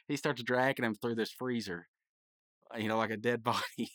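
Low-voiced man rambling through a recap. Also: steady tone, fairly bright tone, dry recording. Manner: rambling, laughing often, acting out lines in quick voices. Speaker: podcast host recapping an episode. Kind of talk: casual episode recap.

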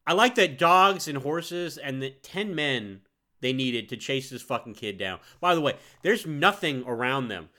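A man co-hosting a movie podcast who is blunt and swears a lot. His voice is bright and edgy, and his pitch sits in a middle range. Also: animated, unhurried. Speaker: podcast co-host. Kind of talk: casual movie review chat.

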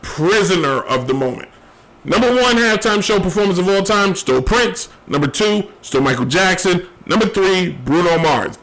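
Hosting his own sports show, a man gives emphatic, rambling opinions in a solo commentary, repeating his key phrases. His fairly high voice is creaky and a bit bright, tired and worn down from a long day as he loses it. The audio quality is poor.

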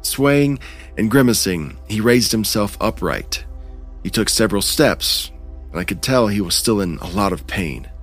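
A low-voiced man telling a first-person horror story, measured and tense in his pacing. Faint music plays softly beneath his voice. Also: expressive. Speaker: narrator.

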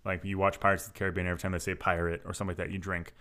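A man's voice: deep voice, little pitch movement, racing, pushed and bright. A man co-hosting a podcast in casual chat, swearing freely and laughing as he talks. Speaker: podcast co-host.

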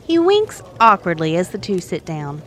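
Chatty woman narrator, lively pitch, faint music bed. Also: normal speed. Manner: playful, conversational. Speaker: storyteller. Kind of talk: narrating an adventure story.

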